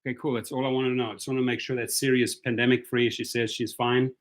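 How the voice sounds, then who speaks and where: A man's voice: medium pitch, flat delivery, fast talker, slight background noise. A man hosting a casual live stream for drivers, upbeat and chatty, greeting viewers by name.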